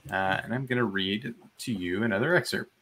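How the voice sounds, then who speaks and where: A man's voice: lowish voice, fairly quick, fairly bright tone. A man acting as game master, reading descriptive passages and guiding the players. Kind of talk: narrating a tabletop game.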